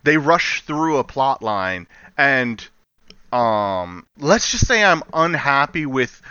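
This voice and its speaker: A man's voice: medium pitch, sharp tone, clean tone, dry recording. A man co-hosting a casual podcast, talking in an easygoing, joking manner. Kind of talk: casual chat. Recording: dull lo-fi mic.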